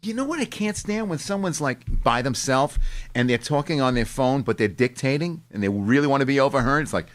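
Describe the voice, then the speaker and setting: A middle-aged man, hosting a casual chat show and telling stories with lively mimicking. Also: a little fast. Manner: animated storyteller, jumps into high mimicking voices. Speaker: host.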